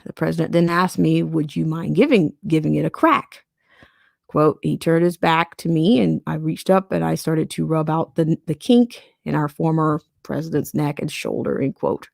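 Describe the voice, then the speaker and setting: A woman's voice: sits low, steady tone, moderate pace, creaky, darkish tone, no room sound, clean studio sound. A woman hosting a podcast, reading a news article aloud and breaking in with sarcastic asides. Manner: sarcastic asides between read quotes. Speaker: podcast host.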